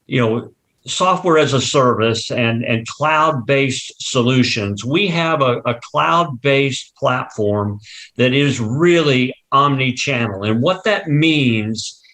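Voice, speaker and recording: A man's voice: medium pitch, slow pace, a bit bright. Guy in a biz interview, walking through examples, lots of restarts. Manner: explains through long walk-through examples, with frequent restarts. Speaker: company marketing executive, interview guest. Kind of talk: business interview answers.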